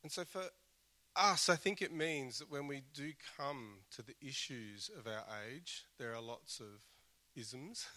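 Male pastor preaching, bright forceful tone, earnest and chatty with frequent restarts. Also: mid-range voice. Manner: earnest, conversational with self-deprecating asides. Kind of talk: sermon.

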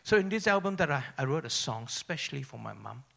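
A man from Malaysia giving a sermon-style personal testimony, telling a story that drops to hushed tones and rises to emphatic bursts. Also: medium pitch, very animated, fairly quick, creaky.

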